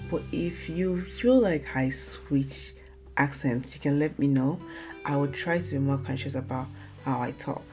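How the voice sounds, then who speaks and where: A young woman from Nigeria hosting her own casual podcast, talking fast and rambling, often correcting herself mid-sentence. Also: very deep voice, music in the background. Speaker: podcast host. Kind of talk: casual solo podcast talk.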